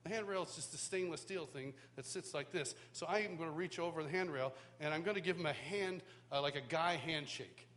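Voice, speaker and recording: A man teaching at a worship school, telling a personal story in sermon style with animated, self-mocking humor, recorded live in a church hall. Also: a little high, fairly quick, hardly any pauses. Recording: live hall reverb, faint background noise.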